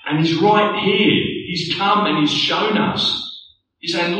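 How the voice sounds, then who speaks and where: A man's voice: high voice, takes it slowly, sharp tone, a little hiss or hum. A man preaching a sermon, earnest and building to rhetorical questions. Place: church hall. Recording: echoey distant church room mic.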